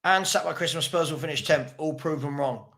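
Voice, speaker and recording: Host, male, high voice, live-stream chat reader, combative and mocking, loops back on his own lines. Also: a little fast, a bit bright. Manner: combative, mocking, repeats himself. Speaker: fan channel host. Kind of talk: live-stream commentary reading chat comments.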